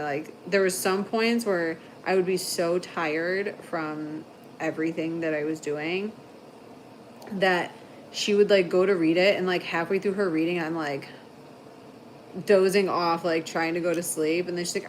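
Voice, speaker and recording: A woman hosting a casual livestream, telling long rambling stories full of "like" and quick laughs. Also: fairly low pitch, slight background noise. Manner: chatty storyteller, heavy "like" filler, frequent laughter. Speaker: livestream host.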